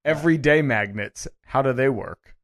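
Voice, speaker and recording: A young man co-hosting a podcast in casual, joking banter, reading off show plugs briskly. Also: mid-range voice. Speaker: podcast co-host.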